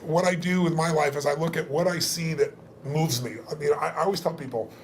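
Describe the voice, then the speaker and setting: Interview guest: middle-aged man, higher-pitched, rapid emphatic delivery, faint room noise. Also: steady tone. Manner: emphatic, fast, repeats words at starts. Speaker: guest, motivational speaker. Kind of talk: casual interview talk.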